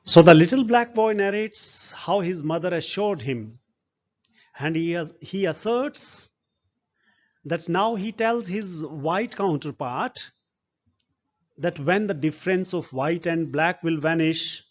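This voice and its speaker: A man, a literature professor, slowly explaining a poem in a recorded lecture, with frequent fillers and repeated words. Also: fairly high pitch, muffled recording.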